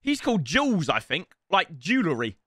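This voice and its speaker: Excitable high-voiced gamer. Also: male voice, brisk, music in the background. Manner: excitable, banter-filled and loud, swinging into mock impressions. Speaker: gaming streamer. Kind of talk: live game commentary.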